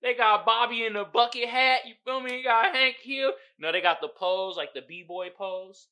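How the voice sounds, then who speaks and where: A man hosting a casual solo podcast, reading memes aloud in profane slang and breaking into loud bursts of laughter. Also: very high-pitched, normal speed, clear, resonant tone. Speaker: podcast host.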